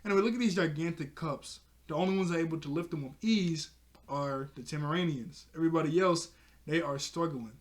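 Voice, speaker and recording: A young man casually recapping a cartoon episode, retelling the scenes loosely with quick quoted lines and frequent laughs. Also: on the high side. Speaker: cartoon reviewer.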